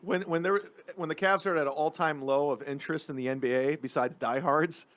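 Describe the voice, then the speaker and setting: A man from the Cleveland area hosting a podcast, chatting casually with loud laughing outbursts and rambling asides. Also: a little high, steady tone, fairly quick. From Cleveland area, Ohio. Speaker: podcast host. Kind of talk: casual chat.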